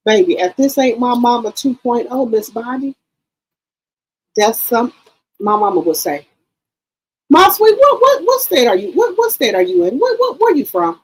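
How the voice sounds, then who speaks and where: A woman in her sixties hosting a casual live stream, reading viewer comments aloud in an animated, profane way and repeating herself. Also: a little high, normal speed, breathy edge, low-quality recording. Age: 60s.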